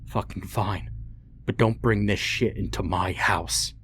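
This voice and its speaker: A man's voice: deep voice, measured pace, fairly bright tone, slight background noise. A man voicing a violent, abusive father who roars and curses menacingly. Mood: seething. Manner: roaring, cursing, menacing.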